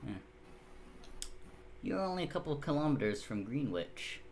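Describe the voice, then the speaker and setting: A man's voice: fairly high pitch, big pitch swings, moderate pace, creaky, slight background noise. A man narrating as game master of a tabletop game, casual and rambling, with fillers and the odd swear.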